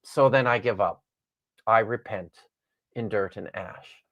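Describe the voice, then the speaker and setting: A man voicing Job, a worn-down suffering old man, in a measured, solemn scripture reading. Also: lowish voice, a bit bright, highs cut off.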